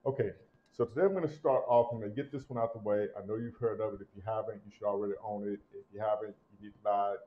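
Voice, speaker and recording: A man hosting a casual fragrance review, talking emphatically and swinging between loud punchy lines and low asides. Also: steady tone, fast, highs cut off. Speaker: host.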